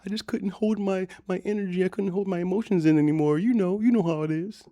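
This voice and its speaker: A man's voice: high-pitched, quick pace, dark tone, no echo, voice pushed up, lightly acted. A man putting on a mocking voice of a whiny, self-pitying woman, complaining in a sing-song tone.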